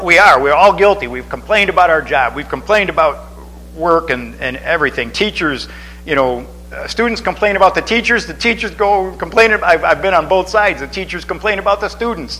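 Male pastor rambling thru a sermon, kinda high bright voice, faint hum behind. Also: rough recording. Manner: chatty, rambling with many restarts and asides.

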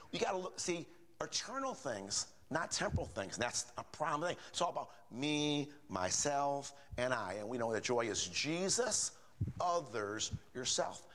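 A man's voice: medium pitch, fairly bright tone. An older man preaching a sermon in a folksy, repetitive way, often asking the congregation rhetorical questions. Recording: reverberant hall.

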